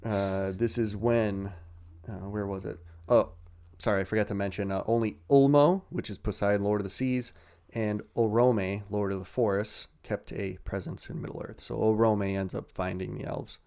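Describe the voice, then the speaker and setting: A man's voice: on the low side, fairly even intonation, moderate pace, vocal fry, mellow. A man casually retelling fantasy lore on a podcast with crude jokes and frequent laughs. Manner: crude jokey storytelling, laughs often. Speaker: podcast host telling lore.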